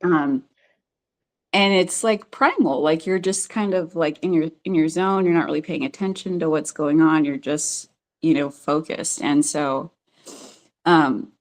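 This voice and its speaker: Low-voiced chatty woman telling a story. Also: a little slow, a little mellow. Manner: chatty, full of "like" and "um" fillers; laughs often while telling her story. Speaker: podcast guest. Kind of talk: casual storytelling.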